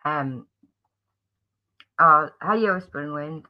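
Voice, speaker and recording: A man's voice: a little high, takes it slowly, dull audio. A man with a Geordie accent hosting a casual livestream chat, friendly and rambling, greeting viewers by name with frequent restarts. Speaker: livestream host.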